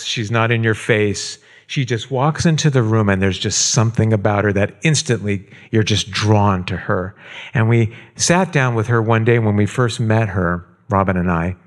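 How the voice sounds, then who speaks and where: A middle-aged man, a pastor, telling a story in a sermon in a slow, emphatic way and repeating phrases for weight. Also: fairly low pitch.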